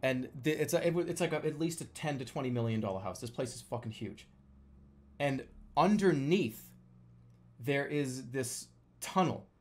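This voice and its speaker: A young man casually telling a story, swearing freely and loudly acting out the lines he quotes. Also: mid-range voice, expressive, normal speed. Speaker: storyteller recounting a dream.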